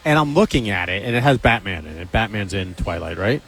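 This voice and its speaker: Animated man hosting a casual chat. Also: on the low side, a little fast, creaky. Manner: animated, joking, asks lots of questions. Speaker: host.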